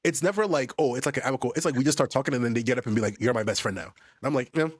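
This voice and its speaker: A man co-hosting a podcast among friends, telling stories in an animated, slangy way and laughing often. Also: mid-range voice, very fast, dry recording, clean studio sound. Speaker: podcast co-host. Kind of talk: casual chat among friends.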